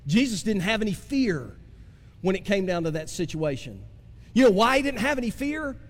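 A man preaching a sermon as pastor, swinging from impassioned cries down to slow, low emphasis. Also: big pitch swings. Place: church sanctuary. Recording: long hall reverb.

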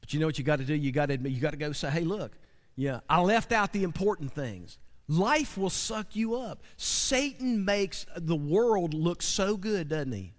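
A man preaching a sermon, animated and full of call-and-response asides to the congregation. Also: on the high side, normal speed. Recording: long hall reverb.

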